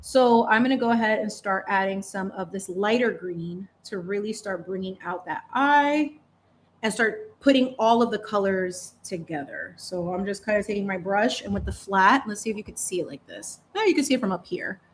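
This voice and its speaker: A woman's voice: medium pitch, normal speed, a little hiss or hum. A young adult woman hosting a live painting stream, chatting casually and expressively while she paints, often laughing and stretching out her words. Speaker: painting livestream host.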